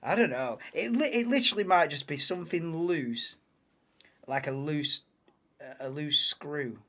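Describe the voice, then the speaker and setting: Bloke doing live race commentary, slangy, swears a lot, bit high voice. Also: male voice, lively intonation, unhurried, fairly bright tone. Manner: banter-heavy, swears, laughs at his own jokes. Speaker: streamer hosting a live watchalong.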